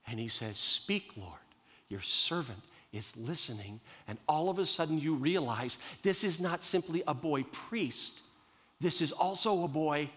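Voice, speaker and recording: Male preacher, middle-aged, slightly high voice; lively storytelling sermon delivery. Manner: storytelling, acts out characters' lines, slows for emphasis.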